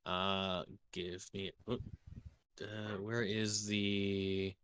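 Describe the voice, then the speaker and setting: A man narrating as game master in a tabletop role-playing game, halting and correcting himself often. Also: low voice, little pitch movement, fairly bright tone, a little hiss or hum. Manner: halting, full of ums and self-corrections.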